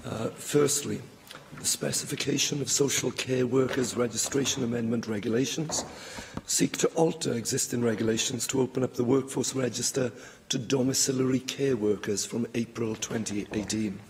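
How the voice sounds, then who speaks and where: Hoarse gravelly minister. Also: male voice, medium pitch, a little mellow, a little hiss or hum. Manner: measured, formal delivery with a light joke. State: losing his voice. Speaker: government minister. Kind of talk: formal parliamentary speech. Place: debating chamber.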